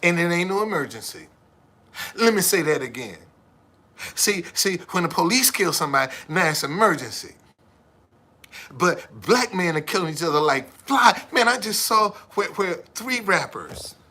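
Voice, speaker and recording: A man's voice: on the high side, sharp tone. A man in his seventies with a missing tooth, ranting emphatically and swearing often on a live stream. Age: 70s. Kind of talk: profane motivational rant.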